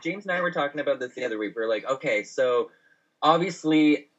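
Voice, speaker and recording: A man with a husky, slightly rough voice recaps scenes with gossipy relish. The recording is dull and lo-fi. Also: medium pitch, expressive, brisk. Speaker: podcast co-host. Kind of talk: casual chat.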